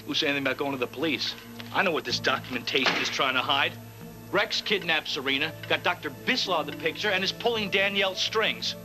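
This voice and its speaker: A man's voice: fairly high pitch, fast talker, over music, lightly acted, low-quality recording. An actor playing an agitated, fiercely protective father who talks insistently and raises his voice in a TV drama. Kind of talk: daytime TV drama acting.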